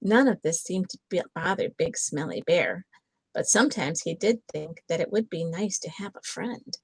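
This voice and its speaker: An older woman reading a picture book aloud to her grandchildren, gentle and chatty, with lots of little asides. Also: lowish voice, big pitch swings, moderate pace, creaky, husky, no echo, rough recording.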